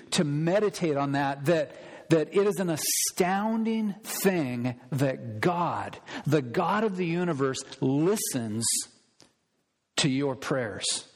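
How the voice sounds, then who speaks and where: A male pastor preaching a sermon in an emphatic style, repeating words as he stresses a point. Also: fairly high pitch. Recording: long reverb of a large hall.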